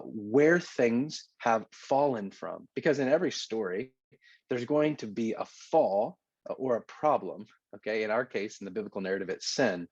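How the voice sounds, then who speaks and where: A man's voice: medium pitch, a little mellow, slightly rough, no room sound, lo-fi sound. A man teaching a recorded lesson in a conversational way, often checking in with "okay?". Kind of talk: recorded lecture.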